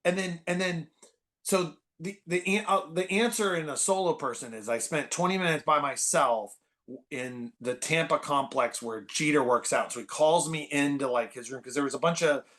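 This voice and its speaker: A man in his forties, a podcast guest, telling stories in casual conversation, animated and full of fillers and restarts. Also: a little high, moderate pace. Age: 40s.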